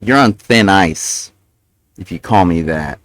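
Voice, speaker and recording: A man's voice: deep voice, takes it slowly, a bit bright, no echo, low-quality recording. A man ranting casually on his live stream, cursing and sometimes mumbling with food in his mouth. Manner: ranting, profane, self-justifying; mumbling with mouth full while eating. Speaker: livestreamer. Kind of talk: casual rambling stream talk.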